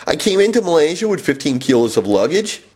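A man telling a comic personal travel story with wry, deadpan self-mockery. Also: fairly high pitch, quick pace, slightly rough.

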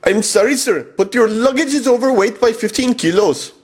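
A man's voice: very high-pitched, moderate pace, breathy edge, pitched above the performer's own voice. A man voicing a male airline check-in clerk who is formally polite and speaks broken English. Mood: officious.

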